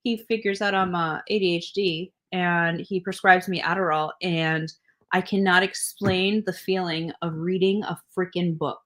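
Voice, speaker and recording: A woman's voice: lowish voice, fairly even intonation, moderate pace, a bit bright. A young adult woman co-hosting a podcast in casual chat, talkative and blunt, swearing and laughing as she tells stories. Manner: chatty, swearing, laughing asides. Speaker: podcast co-host.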